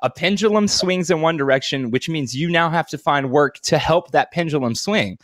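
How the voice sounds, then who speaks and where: A man's voice: a little high, normal speed, dry recording, studio quality. A man co-hosting a casual podcast, telling stories animatedly, swearing often and acting out voices. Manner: animated storytelling, swears a lot, acts out voices. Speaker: podcast co-host. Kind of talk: casual chat.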